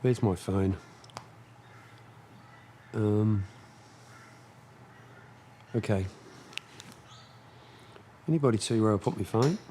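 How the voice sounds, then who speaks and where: A man hosting a casual live stream from his shed, chatting slowly and snapping commands at his dogs. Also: lowish voice, slight background noise. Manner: slow, chatty, scolding his dogs in sharp bursts. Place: home workshop shed.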